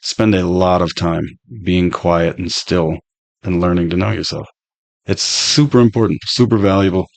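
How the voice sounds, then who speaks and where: A man's voice: deep voice, fairly even intonation, moderate pace, vocal fry. A man in his fifties talking as a podcast guest in a laid-back, rambling way, swearing freely as he muses about life. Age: 50s. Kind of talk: casual conversation, philosophical storytelling.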